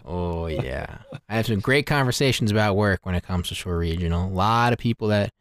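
A man's voice: sits low, expressive, a little fast, dry recording, clean studio sound. A man co-hosting a podcast in a laid-back way, often giving short replies. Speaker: podcast co-host. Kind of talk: casual chat.

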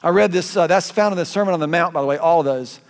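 A man with a Southern US accent preaching a conversational, animated sermon as pastor, with quick asides and restarts. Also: on the high side. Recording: long hall reverb.

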